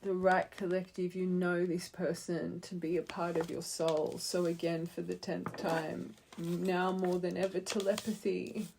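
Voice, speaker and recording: Woman, tarot reader, heartfelt, rambling, creaky voice, faint background noise. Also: fairly low pitch, flat delivery, unhurried, few pauses. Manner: earnest and heartfelt, addresses the viewer directly; rambling with frequent "like" fillers. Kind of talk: intuitive tarot reading to camera.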